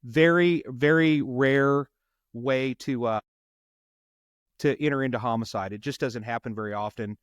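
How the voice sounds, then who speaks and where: A man's voice: medium pitch, no echo, clean studio sound. A middle-aged man from Los Angeles, a homicide detective, tells a story in a podcast interview and acts out the lines of the people in it. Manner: animated storyteller who acts out quotes.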